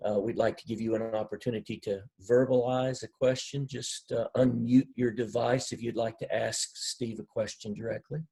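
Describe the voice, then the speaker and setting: A man moderating a webinar, reading out audience questions in measured, formal phrasing. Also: medium pitch, level tone, vocal fry, warm tone, slightly rough, rough recording.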